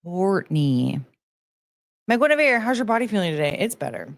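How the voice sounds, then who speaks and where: A woman's voice: a little high, very animated, rapid-fire. A woman hosting her own livestream, chatting casually and greeting viewers by name with sing-song asides. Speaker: livestream host.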